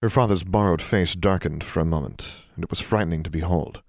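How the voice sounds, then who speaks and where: Deep-voiced male audiobook narrator. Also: lively intonation, brisk, vocal fry, dry recording, studio quality. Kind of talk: scripted fantasy audiobook narration.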